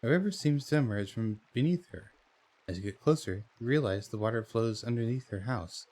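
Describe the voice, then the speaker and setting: A man's voice: mid-range voice, a little fast, a little mellow. A man streams a text adventure game and reads its story aloud. His voice sits in an average range and sounds plain and unforced. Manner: reads story text, then chats about choices with fillers and laughs. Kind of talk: reading a text adventure aloud while playing.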